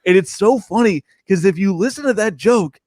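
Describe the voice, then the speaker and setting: A young man, a stand-up comedian, chatting casually on a podcast, animated and laughing often. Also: high voice, moderate pace, dry recording, studio quality.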